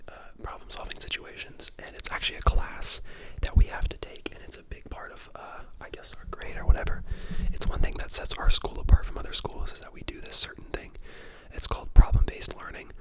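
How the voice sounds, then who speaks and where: A young adult in their twenties whispering close to the mic in a relaxed ASMR ramble. The talk is loose and chatty, with plenty of ums and likes. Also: brisk. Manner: casual chatty whisper with many fillers. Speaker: ASMR creator and dental student. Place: at home.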